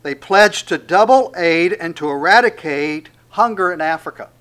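A man preaching a sermon, swinging between loud proclamations and hushed asides and acting out the speech he quotes. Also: high voice, expressive, moderate pace, clean tone.

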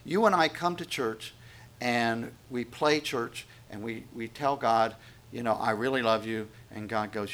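A male pastor preaches a sermon and reads scripture, moving from quiet, intimate passages to loud, raised appeals. His mid-range voice keeps a moderate pace over a little hiss or hum.

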